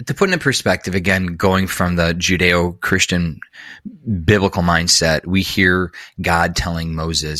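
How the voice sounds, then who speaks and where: A man with a very deep voice that still sounds bright and forceful, recorded close and dry. He explains in an earnest way, stacks up repeated words for emphasis and stops to correct himself. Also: unhurried, no echo. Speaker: guest expert. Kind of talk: explanatory interview talk.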